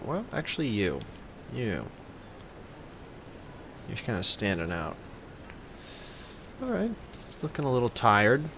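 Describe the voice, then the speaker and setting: A man's voice: on the low side, vocal fry, a bit bright, slight background noise. A man giving comedic gameplay commentary as a gaming YouTuber, joking in a playful, mock-reverent way.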